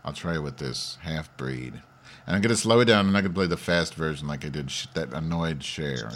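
A man's voice: very deep voice, fairly quick. A man working out a crude song parody on the radio, muttering to himself and then belting out lines. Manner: crude, self-deprecating, switches between muttering and loud singing. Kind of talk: comedic radio bit, singing parody lyrics.

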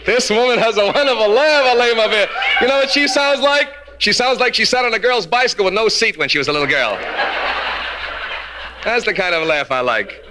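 This comedian's voice is high-pitched and lively, moving at a fairly quick clip over a noisy background. On a club stage in front of an audience, he needles the crowd brashly and throws in Yiddish punchlines.

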